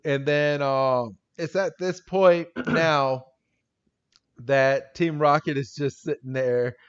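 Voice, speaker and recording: A man's voice: fairly high pitch, steady tone, takes it slowly, smooth, dull audio. A man co-hosting a podcast, recapping a cartoon episode in casual chat, laughing often and acting out characters in silly voices. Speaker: podcast co-host.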